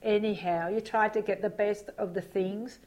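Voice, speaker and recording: A woman's voice: mid-range voice, fairly even intonation, normal speed, darkish tone. A woman being interviewed, talking in a reflective, hesitant way with many fillers and frequent laughs. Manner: laughs often while talking. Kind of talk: casual reminiscing interview.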